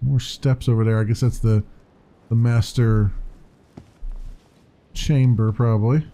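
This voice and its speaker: A man's voice: mid-range voice, steady tone, a little slow, dark tone. A man casually commenting while playing a video game, chatty and wondering aloud. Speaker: let's play commentator.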